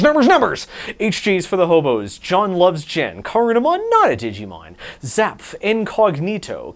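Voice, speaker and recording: A man hosting a maker channel, talking with irreverent, deadpan humor and reading out a long list of supporter names. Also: fairly high pitch. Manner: irreverent, deadpan jokes, rapid name list. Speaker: YouTube maker host. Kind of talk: sarcastic tech talk and patron shout-outs.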